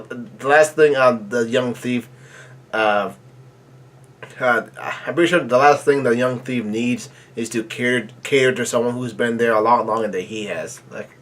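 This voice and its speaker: A man of ordinary pitch reads pages aloud and reacts to them live. He stumbles and pads his reading with fillers, then breaks into excited exclamations. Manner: halting, filler-heavy reading with excited outbursts. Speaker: manga reaction channel host.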